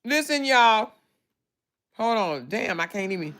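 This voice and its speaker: Woman going off on a livestream, bright voice, laughing and cussing to her viewers. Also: on the high side, a little slow, slight background noise. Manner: animated, salty, laughs often, talks to viewers as y'all. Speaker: livestream commentary host. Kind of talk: casual commentary chat. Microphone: phone.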